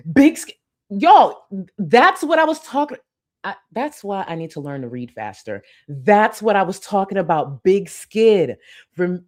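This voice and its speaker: Woman from Houston, livestream host, playful and slangy, fairly low voice, warm mellow tone. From Houston, Texas, US. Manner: playful, chatty, laughing often, slangy. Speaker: live streamer. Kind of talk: casual livestream chat reading super chats.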